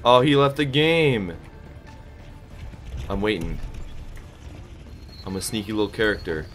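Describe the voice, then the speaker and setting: Young man, gaming commentary, excitable and joking, faint backing music. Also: lowish voice, a little slow. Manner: hyped, joking trash talk, laughs a lot. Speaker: gaming YouTuber. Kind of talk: casual gameplay commentary.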